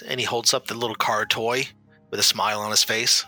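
A man's voice: on the low side, little pitch movement, fairly quick, pushed and bright, soft background music. A man describing his character's actions in a tabletop game, easygoing and plain. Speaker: player.

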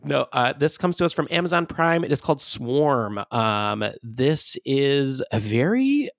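Male podcast co-host, mid-pitched, dry close voice, rambling and chatty. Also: sing-song, measured pace, creaky, no echo. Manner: rambling, filler-heavy, laughs often. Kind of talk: casual chat.

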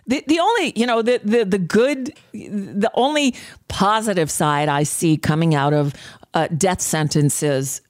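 A woman's voice: fairly low pitch, a little mellow, no echo, clean studio sound. A woman hosting a radio talk show, giving a blunt, profane, sarcastic political monologue with frequent fillers and restarts.

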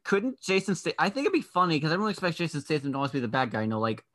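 A man with a bright, forceful voice pitched a bit high chats loosely about movies on a podcast. He rambles and jokes, trailing off as he thinks aloud. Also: animated, very fast. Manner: rambling, playful, does goofy impressions. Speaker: podcast co-host. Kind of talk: casual movie chat.

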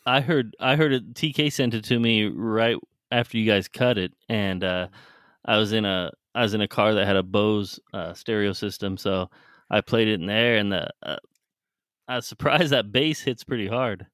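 A man hosting a casual podcast, talking hesitantly with many pauses. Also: lowish voice, a bit bright, no room sound, clean studio sound. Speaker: podcast host.

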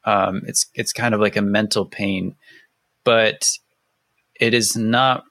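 Low-voiced man musing hesitantly, dry sound. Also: steady tone, slow, vocal fry, fairly bright tone, no echo. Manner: hesitant, thoughtful, paraphrasing. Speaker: podcast co-host. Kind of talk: casual chat.

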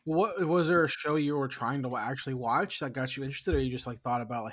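A man's voice: medium pitch, fast talker. A man co-hosting a podcast in casual chat, emphatic and profane, rambling through his points. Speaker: podcast co-host.

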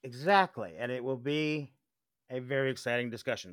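Male podcast co-host, excitable and chatty, bright tone, dry close mic. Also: mid-range voice, moderate pace, clear, resonant tone, no room sound. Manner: enthusiastic, chatty, many restarts. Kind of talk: casual podcast chat.

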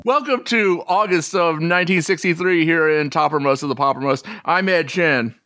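A man's voice: fairly high pitch, normal speed, pushed and bright, faint music behind. A man hosting a podcast, chatting enthusiastically and wondering aloud. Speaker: podcast host. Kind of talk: casual podcast chat.

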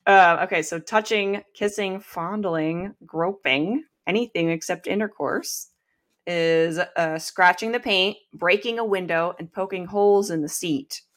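A woman's voice: on the low side, measured pace. A woman hosting a podcast, reading aloud from a book with wry asides and frequent laughs. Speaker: podcast host.

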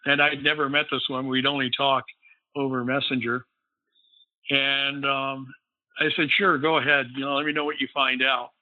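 A man's voice: mid-range voice, little pitch movement, moderate pace, no echo. A man, a guest, casually telling a long story in a rambling way, filled with "you know.". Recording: phone-like line, dry.

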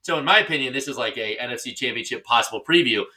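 A man's voice: medium pitch, animated, rapid-fire, sharp tone. A man co-hosting a podcast in casual chat, joking and ranting. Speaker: podcast co-host.

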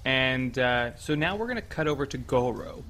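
A man running a tabletop game as game master, guiding the players in a relaxed way. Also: mid-range voice, moderate pace, a little hiss or hum.

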